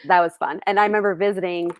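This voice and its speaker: A woman who is a guest on a livestream, telling relaxed everyday stories with a light laugh. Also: lowish voice, quick pace, no echo. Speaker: guest on a stream. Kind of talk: casual chat.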